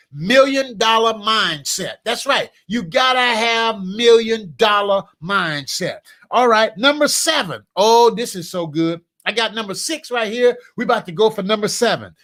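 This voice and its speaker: High-voiced, emphatic male coach. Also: expressive, unhurried, few pauses, sharp tone. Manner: emphatic, repetitive, preacher-like cadence; talks to a live helper during the talk. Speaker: business coach. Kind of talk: motivational coaching talk.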